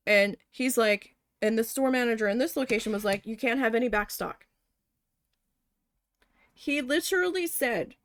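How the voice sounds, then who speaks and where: A woman's voice: on the high side, normal speed, pauses often, no echo, studio quality. A woman telling a story about her job in a casual way while she paints, acting out what she and her boss said. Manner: animated retelling, acting out her boss and her own panic. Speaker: painting livestreamer.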